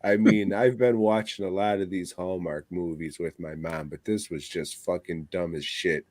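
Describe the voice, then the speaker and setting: A man's voice: low-pitched, fairly even intonation, normal speed, hardly any pauses, a little mellow, no echo. A man co-hosting a podcast, ranting crudely and swearing constantly in casual chat. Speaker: podcast co-host.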